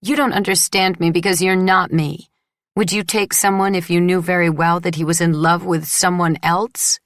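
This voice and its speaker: A woman reader voicing a desperate, resentful young bride who pleads and breaks into shrill outbursts. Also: fairly even intonation, moderate pace, no room sound, clean studio sound, lightly acted. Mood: tearful bitter.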